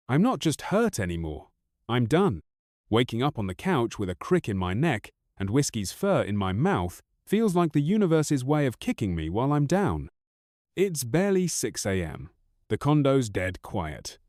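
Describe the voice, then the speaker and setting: A man's voice: mid-range voice, a little mellow, no echo, studio quality. A man in his thirties narrating a first-person story in a bitter, raw, profane way.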